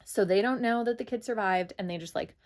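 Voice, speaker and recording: A woman's voice: mid-range voice, a little fast. A young woman giving a casual, chatty book review, full of "like" fillers.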